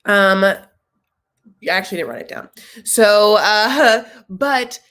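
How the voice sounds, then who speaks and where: A woman's voice: mid-range voice, takes it slowly, a bit bright. A woman hosting a casual live reaction chat, chatty and sassy, tossing out jokes and asides as she recaps. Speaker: recap show host.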